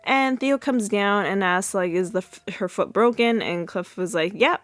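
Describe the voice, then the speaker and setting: A woman's voice: medium pitch, normal speed, dry recording. A young woman podcast host recapping a sitcom episode in a chatty way, full of fillers and restarts. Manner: chatty, many fillers and restarts, laughs at own retelling.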